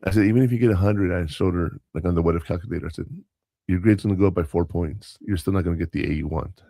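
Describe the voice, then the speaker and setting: Low gravelly-voiced man telling stories. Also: fast, mellow, no room sound, studio quality. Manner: rambling, anecdotal, with self-corrections and quoted dialogue. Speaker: podcast co-host and substitute teacher. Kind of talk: casual storytelling chat.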